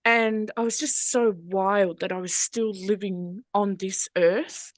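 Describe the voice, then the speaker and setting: A woman's voice: medium pitch, takes it slowly, few pauses, dry recording. Aussie woman guest telling her life story, frank and earthy, dry close sound. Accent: Australian. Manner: frank, earthy, animated retelling. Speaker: guest, hypnosis trainer. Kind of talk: candid personal storytelling.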